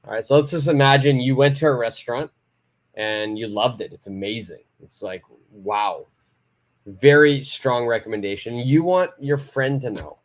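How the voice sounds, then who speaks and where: Man, English teacher, encouraging, emphatic, mid pitch, live lesson. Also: normal speed. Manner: encouraging, praises students, stresses key words.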